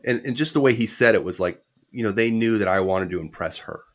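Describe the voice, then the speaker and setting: A man's voice: fairly low pitch, fast talker. A middle-aged man, a guest musician, telling a casual anecdote with quoted dialogue and the odd swear word.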